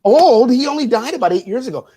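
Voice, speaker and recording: A man's voice: extremely high pitch, expressive, fast talker, mellow, husky. A middle-aged man co-hosting a casual chat show, rambling and teasing like a big brother. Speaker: co-host.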